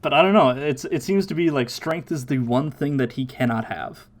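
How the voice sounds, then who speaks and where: A man hosting a casual watchalong podcast, recapping episodes with lively, chatty energy. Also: medium pitch. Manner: animated recapping with quick put-on quotes and laughs. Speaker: podcast host.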